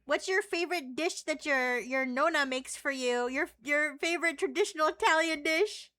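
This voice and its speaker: A woman's voice: sits high, moderate pace, bright, forceful tone. A woman streamer teasing and chatting playfully with an AI voice on a live stream. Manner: playful, teasing, flirty questions.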